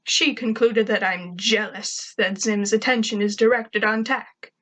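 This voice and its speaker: A woman's voice: fairly high pitch, steady tone, measured pace, few pauses, fairly bright tone, poor audio. A woman reading a first-person fan fiction story aloud in a wry, conversational way. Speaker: narrator.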